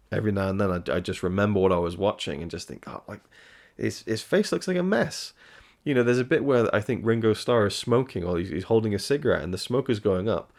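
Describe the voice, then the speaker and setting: A man's voice: sits low, creaky, a little mellow. A man reviewing films in a passionate, rambling monologue, often restarting his sentences. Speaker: film reviewer. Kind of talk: casual opinion monologue.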